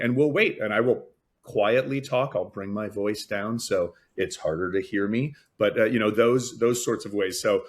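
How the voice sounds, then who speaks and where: A man's voice: medium pitch, moderate pace. A man who works as a fundraising auctioneer, talking energetically on a webinar and acting out announcements as he tells his stories. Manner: energetic, storytelling, acts out announcements. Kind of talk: webinar talk, explaining.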